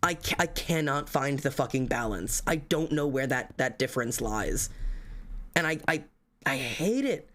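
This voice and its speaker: A man's voice: medium pitch, animated, measured pace, fairly bright tone. A man venting to his livestream chat in a rambling, self-critical rant, swearing heavily and restarting his sentences often.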